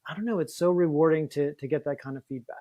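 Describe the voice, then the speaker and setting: A man's voice: fairly high pitch, fast, dull audio. A man being interviewed about his writing, chatty with many fillers and restarts. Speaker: guest author. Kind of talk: casual interview talk.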